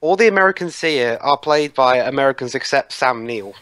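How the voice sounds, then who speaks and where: A man's voice: mid-range voice, lively intonation, fairly quick, a bit bright, smooth, no echo. Rambling man in casual movie commentary. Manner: rambling, stops and restarts his sentences.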